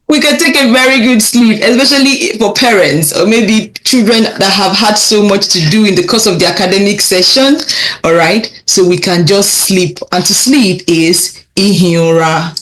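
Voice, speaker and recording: A young woman teaching children vocabulary, repeating words slowly and encouraging them as she goes. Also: medium pitch. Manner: repeats phrases slowly, encouraging, laughs lightly. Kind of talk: slow, clear vocabulary lesson for kids.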